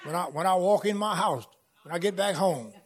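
A man preaching a sermon as pastor, folksy and repetitive, swelling into shouts. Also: high-pitched, fairly quick, breathy edge. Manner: casual folksy speech with "y'all" and "ain't". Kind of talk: fiery sermon. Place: church sanctuary with congregation.

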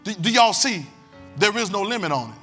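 A man preaches in a high, bright voice, repeating phrases and calling on his listeners to pay attention. Quiet music plays faintly behind him. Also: lively intonation, a little fast, husky. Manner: emphatic, repetitive preaching with call-and-response. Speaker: pastor. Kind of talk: sermon.

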